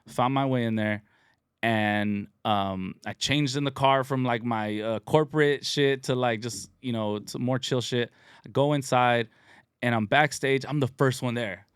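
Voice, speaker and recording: A man hosting a podcast, telling a story in a casual, animated way and laughing as he goes. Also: mid-range voice, measured pace, clean tone, no echo, clean studio sound. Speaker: podcast host.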